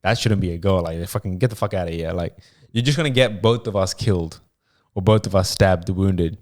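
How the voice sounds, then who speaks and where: A young man, chatting casually on a podcast, blunt and quick, swearing freely and laughing often. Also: sits low, darkish tone. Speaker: podcast co-host. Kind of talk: casual chat.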